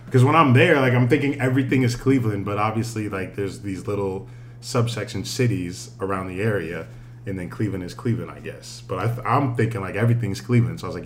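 A man co-hosting a podcast, telling a story in an animated, profane, casual way, laughing often. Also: lowish voice, brisk, a little hiss or hum. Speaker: podcast co-host.

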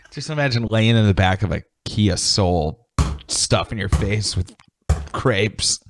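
A man's voice: fairly low pitch, expressive, slow, background noise. A man co-hosting a comedy podcast, chatting in a laid-back way with short reactions and dry jokes. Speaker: podcast co-host. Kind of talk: casual comedic chat.

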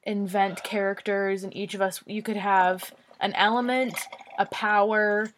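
A woman's voice: mid-range voice, steady tone, measured pace, slight background noise. Playful young woman in easy chat. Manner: playful, enthusiastic, teasing. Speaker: podcast co-host. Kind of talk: casual chat.

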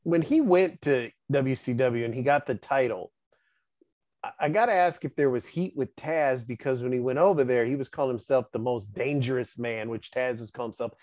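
A man's voice: medium pitch, moderate pace, a little mellow, dry recording. A man hosting a wrestling chat, joking, laughing and asking pointed questions. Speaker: podcast host, wrestling fan. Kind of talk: casual podcast chat. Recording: dull dry lo-fi sound.

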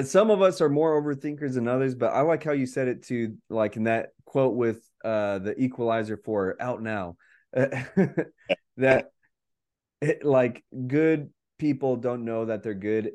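Casual podcast talk from a man who meanders, laughs frequently, and fills his speech with "like." His voice is medium in pitch and slightly mellow.

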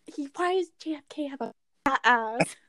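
A playful woman teases her friends in a casual podcast chat. Her voice is high and lively. The recording is dry and close. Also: normal speed, no room sound.

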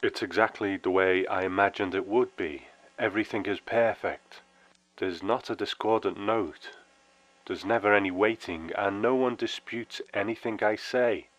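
A man reading a dead friend's warm, solemn voice. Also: deep voice, measured pace, low-quality recording. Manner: solemn, wry, with sudden brightening.

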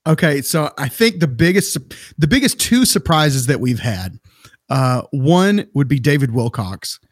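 A man's voice: on the high side, big pitch swings, unhurried, no echo, clean studio sound. A man talking as a guest in a casual conversation, speaking hesitantly as he searches for his words. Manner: hesitant, full of fillers and restarts.

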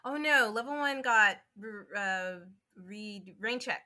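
Bright-voiced chatty female podcast co-host. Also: a little high, takes it slowly. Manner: chatty and animated, laughs often, swears casually. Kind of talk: casual chat.

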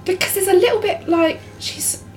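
A woman's voice: very high-pitched, fairly even intonation, moderate pace, faint music behind, poor audio. A woman hosting a casual podcast, reading case details and then chatting loosely with her co-host. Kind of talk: casual true-crime chat.

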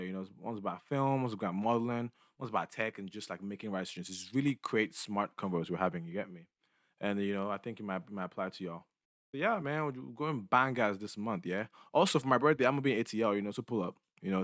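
A young man chats loosely as the host of his own podcast. He rambles in slang and keeps checking in with his listeners. His voice is somewhat low, and it is recorded dry with no room echo. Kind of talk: casual solo podcast monologue.

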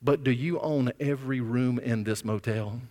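A preacher doing a polite drunk man, hushed. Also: medium pitch, moderate pace, pitched below the performer's own voice, close to an everyday voice. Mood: polite confused.

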